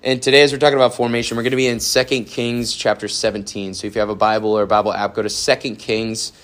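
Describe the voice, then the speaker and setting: A young adult man giving a youth sermon in a casual, animated way, with many fillers. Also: lowish voice, fast. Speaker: youth pastor.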